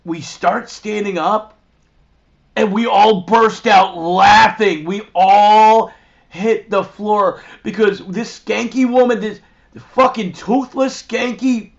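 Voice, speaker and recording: A man hosting and telling a rambling, profane, animated anecdote in a crude comic style. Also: high voice. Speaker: host. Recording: dull lo-fi recording.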